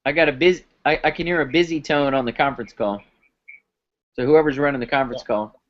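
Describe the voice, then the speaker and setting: A man giving a live sales pitch on a conference call, telling stories and acting out the dialogue. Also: a little fast. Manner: storytelling, acts out dialogue. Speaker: company founder pitching product. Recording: muffled lo-fi recording.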